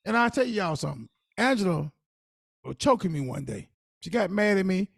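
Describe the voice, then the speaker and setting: A middle-aged man is co-hosting a podcast, speaking with emphatic, animated energy. His voice is gravelly and rough, pitched high for a man, and it swings widely as he tells his stories. The recording is dry and close. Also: moderate pace, dry recording. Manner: emphatic, animated storytelling with dialect speech. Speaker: podcast co-host. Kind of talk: casual conversational advice.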